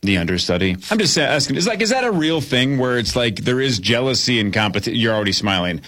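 A man's voice: mid-range voice, big pitch swings, fast, a bit bright. A man hosting a radio show, rambling and joking with a guest. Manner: rambling, joking, lots of fillers. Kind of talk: casual morning radio chat.

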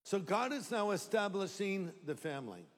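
Brief: a high-voiced male pastor, joking and conversational, echoing auditorium. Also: big pitch swings, moderate pace, a bit bright. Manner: conversational, humorous preaching. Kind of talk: live sermon. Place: large church hall. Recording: long reverb of a large hall.

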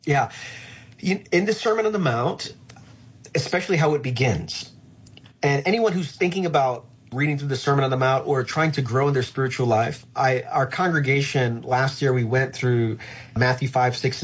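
A middle-aged male pastor talking through faith in an earnest, thoughtful way, slowing down to land his key points. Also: mid-range voice, breathy edge. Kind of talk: reflective faith conversation.

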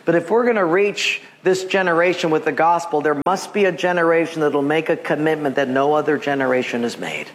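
A male pastor from Hawaii preaching a sermon, telling a story and acting out quotes in an animated voice. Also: fairly high pitch, brisk, hardly any pauses, in a large hall. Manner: animated, acts out quotes with raised voice.

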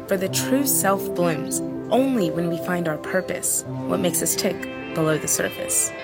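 A woman narrating an advertisement as a measured, poetic spoken-word piece. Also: medium pitch.

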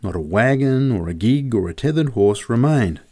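A man reading a humorous memoir story aloud in a vivid, measured way. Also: mid-range voice, lively intonation, dark tone.

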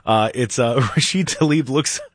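A man's voice: mid-range voice, measured pace, no echo, clean studio sound. A man hosting a talk radio show, chatting casually and laughing as he reacts to clips. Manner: animated, laughing often.

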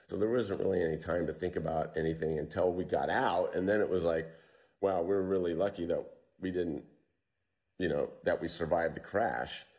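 A man being interviewed, recounting a survival story in a relaxed, storytelling way with fillers and restarts. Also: low-pitched, normal speed. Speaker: interview guest.

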